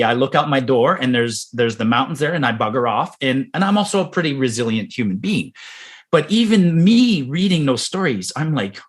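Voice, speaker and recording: A man's voice: medium pitch, fairly bright tone, slightly rough. A man from Ontario, talking as an interview guest. He speaks emphatically and heatedly and repeats words when he gets worked up. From Ontario, Canada. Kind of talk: interview conversation.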